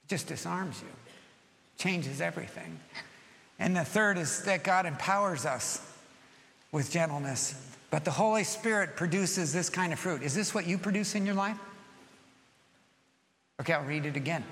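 A middle-aged male pastor preaching with a high, bright voice. He tells his stories with animation, dropping soft and then rising loud. The long reverb of a big hall trails every phrase. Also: lively intonation, normal speed, pauses often, slight background noise. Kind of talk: sermon.

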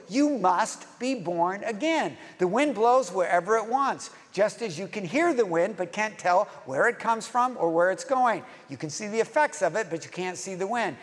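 High-voiced preacher in a reverberant hall. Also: male voice. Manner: conversational, acts out quoted lines, rhetorical questions. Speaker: pastor. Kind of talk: sermon.

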